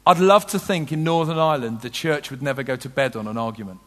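A man preaching a sermon with passion, swinging from loud urgent peaks to soft low moments. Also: fast, in a large hall. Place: large tent.

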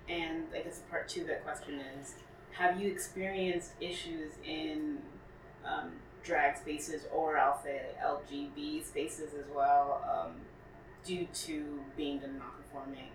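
A woman interviewer asking questions gently and a little hesitantly. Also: low voice. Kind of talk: oral history interview. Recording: roomy, distant from the mic, faint hum.

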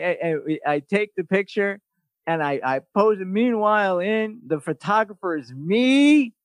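A man's voice: sits high, moderate pace, no room sound. A man hosting a podcast in casual chat, telling stories bluntly with lots of swearing and sarcastic, mocking asides. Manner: blunt, profane, animated storytelling. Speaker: podcast host.

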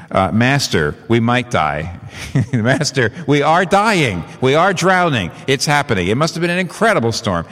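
Man, pastor, sermon, lowish voice, animated, pitch leaps for emphasis, long hall reverb.

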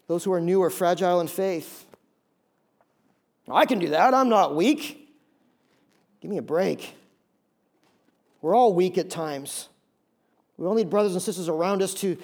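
Animated man preaching a sermon. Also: high-pitched. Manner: animated, acts out voices of listeners; repeats key phrases for emphasis. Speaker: pastor.

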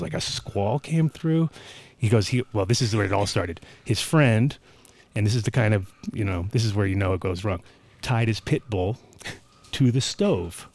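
A man hosting a casual studio talk show, telling a long story in a rambling, animated way with plenty of swearing and acted-out quotes. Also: fairly low pitch, vocal fry. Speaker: podcast host.

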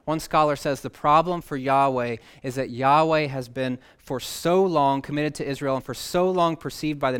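A man's voice: medium pitch, clean tone. A young man preaching a sermon in a conversational way, reading scripture aloud with emphasis. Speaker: pastor.

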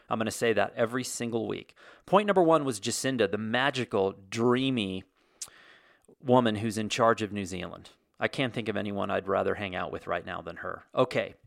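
A man's voice: mid-range voice, a bit bright, no room sound, studio quality. A man in his forties hosting a casual solo monologue, telling stories in a wry, sarcastic way with comic exaggeration.

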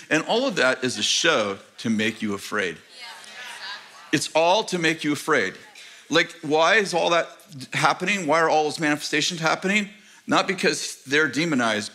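Animated American pastor telling a story. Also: male voice, mid-range voice. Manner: animated, laughing, acts out voices in the story. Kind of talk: storytelling sermon. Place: large church auditorium.

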